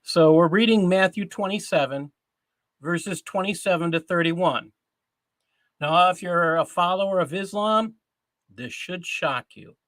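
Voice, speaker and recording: Male host, fairly high voice, dry close sound, earnest and deliberate scripture reading. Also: fairly bright tone, no echo. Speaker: host of a Christian news show.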